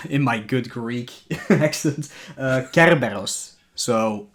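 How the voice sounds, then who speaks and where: A man's voice: medium pitch, takes it slowly. Chill podcast guy, mid voice, stammers and laughs a lot. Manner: laid-back, laughs easily, stammers. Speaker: podcast co-host. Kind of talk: casual chat.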